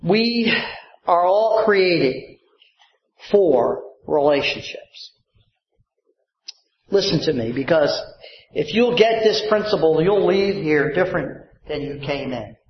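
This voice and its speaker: High-voiced pastor preaching slowly. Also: male voice, lively intonation, echoey room, dull audio. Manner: preacher's cadence, stretching key words and calling for amens. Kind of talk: sermon. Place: church sanctuary.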